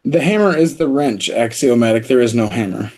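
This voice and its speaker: A man's voice: mid-range voice, lively intonation, brisk, a little mellow, rough recording. A man co-hosting a casual livestream chat, easygoing and joking, sleepy and yawning from little sleep. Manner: easygoing, joking, laughs often. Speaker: co-host of a livestream show.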